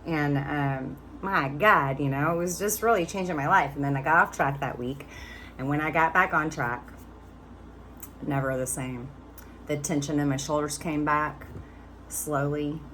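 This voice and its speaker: Woman, 50s, low voice, chatty and candid vlogger storytelling to camera, with faint noise behind her. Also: unhurried, fairly bright tone. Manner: chatty and candid, swearing casually.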